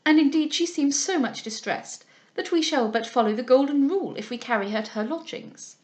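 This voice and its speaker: A woman voicing a kindly, polite lady who pleads gently. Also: sits high, a little fast, natural voice. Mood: pleading.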